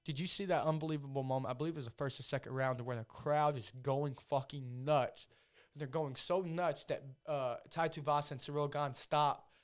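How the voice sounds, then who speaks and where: Young male podcast host, profane and rambling, fairly high voice. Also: steady tone, fairly quick, clear, resonant tone. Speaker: podcast host and amateur fighter. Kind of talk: casual chat.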